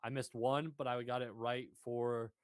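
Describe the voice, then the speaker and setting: A man's voice: medium pitch, little pitch movement, normal speed, clean tone, no room sound. A young man in casual sports chat, emphatic and swearing as he argues his point. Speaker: podcast co-host.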